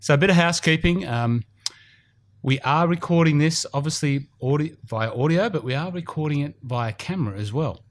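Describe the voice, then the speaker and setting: A man's voice: fairly high pitch, normal speed. A man hosting a casual podcast in an indoor golf studio, chatty and rambling with fillers. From Australia. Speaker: podcast host.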